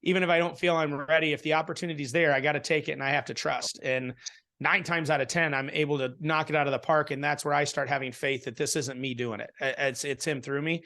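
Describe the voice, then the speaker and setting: A man tells a personal story in a relaxed interview. He speaks with a fairly high voice, is animated, restarts a lot and acts out what people said. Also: fast talker, gravelly. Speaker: interview guest. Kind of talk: casual storytelling in a conversation.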